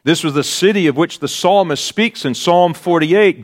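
A man preaching a sermon as pastor, slow and deliberate, rising to emphatic peaks on key words. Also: a little high.

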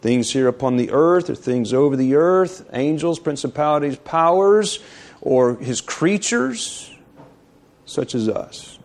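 A male pastor builds his sermon through emphatic rhetorical questions, slowing down to stretch out key phrases. His voice is fairly high and a little mellow, with lively intonation.

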